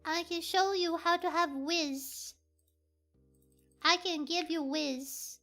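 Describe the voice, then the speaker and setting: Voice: very high voice, fairly even intonation, pushed and bright, soft background music, heavily acted. A live streamer doing a voice impression of a bumbling cartoon hunter who lisps his r's and w's. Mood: teasing. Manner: lisping r-to-w speech, slow and earnest. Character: cartoon hunter with a lisping wabbit-style speech, adult man, bumbling.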